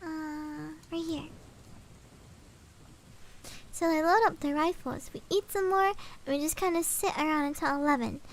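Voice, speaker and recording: A woman's voice: sits high, fairly even intonation, unhurried, long pauses. A woman streamer casually reading a scary story aloud, swapping swear words for milder ones and breaking off for chatty asides.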